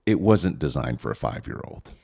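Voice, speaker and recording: A man's voice: very deep voice, very animated, normal speed, gravelly, dark tone, husky. A middle-aged man co-hosting a parenting podcast, thinking aloud with many restarts. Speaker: podcast co-host. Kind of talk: casual parenting chat.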